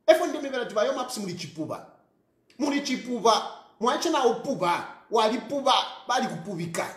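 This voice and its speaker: A man with a Zambian accent giving an animated social media rant, scolding and mixing English with a local language. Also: very high-pitched, reverberant.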